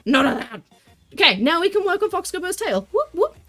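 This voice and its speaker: A high-pitched woman chats away on a live stream while she works on crafts. She is bubbly and excitable and cheers when she greets viewers. Soft music plays faintly behind her. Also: fairly quick. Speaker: livestreamer.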